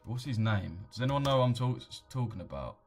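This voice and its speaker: A man's voice: mid-range voice, very animated, fairly quick, creaky, over music. A man chatting casually on a trading stream, slangy and full of swearing. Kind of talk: casual live-stream commentary.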